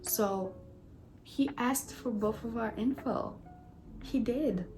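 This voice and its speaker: A woman vlogger recounting a story to her viewers in a chatty, animated way, full of fillers and asides to the audience. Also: on the high side, takes it slowly, soft background music, poor audio. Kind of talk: storytime vlog.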